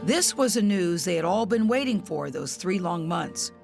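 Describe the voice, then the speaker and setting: A woman correspondent reading scripted news narration in a measured, even way. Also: fairly low pitch, gravelly, music in the background.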